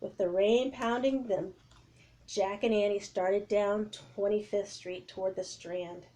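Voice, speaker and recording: A woman reading a chapter book aloud to children in an expressive, lively way. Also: medium pitch, unhurried. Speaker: children's story reader.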